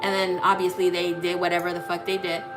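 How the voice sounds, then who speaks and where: A woman's voice: fairly low pitch, little pitch movement, a little fast. A woman reading tarot, telling a personal story in a blunt, profane way and acting out the dialogue. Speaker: psychic tarot reader. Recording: clear music playing under voice. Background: music.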